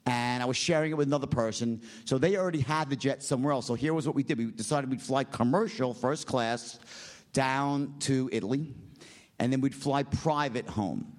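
A middle-aged man telling a long personal story in a casual, rambling, profane way, often tagging lines with "right?" and jumping up in pitch when he quotes people. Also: moderate pace. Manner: animated, jumps in pitch when quoting people. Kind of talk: casual spoken anecdote.

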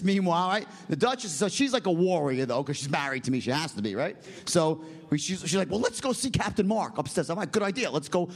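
Animated high-voiced man telling a wild story. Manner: animated, profane, frequent "right?" asides. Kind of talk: comic storytelling.

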